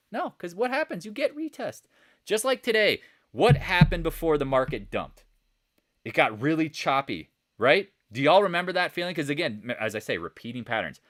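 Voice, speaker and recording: A man hosting a live stock market chat, coaching viewers with lots of rhetorical questions in an animated, casual way. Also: fairly high pitch, a little fast. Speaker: trading channel host.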